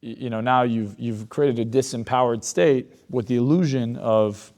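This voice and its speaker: A man's voice: medium pitch, moderate pace, a little mellow. A man, a hypnotist guest on a podcast, talking bluntly and confidently in casual conversation, acting out quoted exchanges as he tells stories. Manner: blunt, confident storyteller who acts out quoted dialogue.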